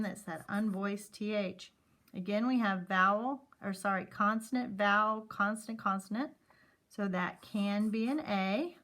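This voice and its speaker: Here a teacher with a medium-pitched, somewhat bright voice leads small children in phonics, carefully enunciating letter sounds at a slow pace and offering them encouragement.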